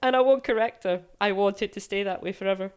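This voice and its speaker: A woman's voice: mid-range voice, fast, clear, resonant tone. A young woman streaming a game, chatting casually, laughing often and swearing freely. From United Kingdom. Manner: laughs a lot, swears freely, rambling banter. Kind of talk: casual let's play commentary.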